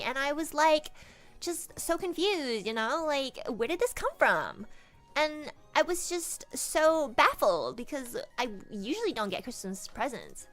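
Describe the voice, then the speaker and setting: A woman's voice: high-pitched, sing-song, normal speed, fairly bright tone, faint music behind. A young woman streamer telling a silly story in a bubbly, exaggerated way. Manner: bubbly, exaggerated, lots of "oh my God". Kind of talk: casual storytelling.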